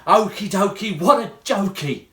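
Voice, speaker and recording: Storybook casting: a man playing a high, shrieky monster-mug lady who loves silly rhymes, roomy sound. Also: a little slow. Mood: cheeky. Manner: loud, excited exclamations. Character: bossy rhyming female monster mug. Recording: roomy room echo.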